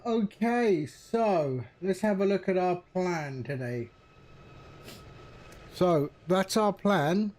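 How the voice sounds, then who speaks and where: A man giving casual live-stream commentary as he sets up a flight simulator, chatting to viewers in a relaxed, rambling way. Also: high voice.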